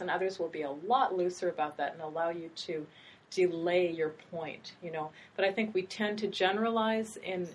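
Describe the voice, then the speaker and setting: A woman's voice: lowish voice, slight background noise. A middle-aged woman who teaches writing, hosting a casual academic conversation in a thoughtful, meandering way with small hesitations. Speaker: writing instructor and host.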